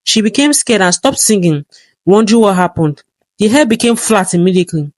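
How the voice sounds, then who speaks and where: A synthetic-sounding narrator reading a folktale in an even, steady storybook manner. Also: medium pitch, a little fast, no echo.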